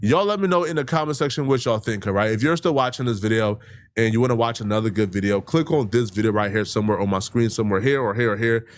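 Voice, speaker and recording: A man's voice: fairly low pitch, quick pace. A man hosting an online commentary show, talking animatedly and firing off rhetorical questions.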